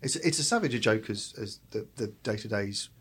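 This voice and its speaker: A man's voice: on the low side, expressive, a little fast, a bit bright, slightly rough. A man on a podcast, working through long, thoughtful points about comedy. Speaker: podcast co-host. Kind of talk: casual chat.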